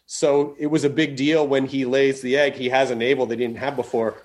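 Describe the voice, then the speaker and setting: A man hosting a podcast, rambling and riffing fast in casual chat, swearing freely. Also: mid-range voice, level tone. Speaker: podcast host.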